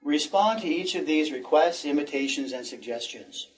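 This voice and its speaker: A man teaching an English lesson, encouraging and repeating phrases slowly for learners. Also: fairly high pitch, animated, distant mic.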